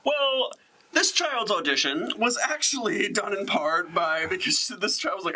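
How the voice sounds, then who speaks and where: A man on a film podcast sharing behind-the-scenes trivia with sardonic asides and frequent laughter. His voice is very bright and sits a little high. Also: lively intonation, unhurried, a little hiss or hum, low-quality recording. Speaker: podcast co-host. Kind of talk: casual chat.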